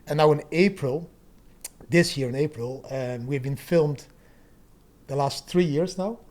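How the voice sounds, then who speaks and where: A middle-aged man telling stories in a casual podcast chat, animated, laughing often and swearing freely. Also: fairly high pitch, unhurried. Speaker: guest.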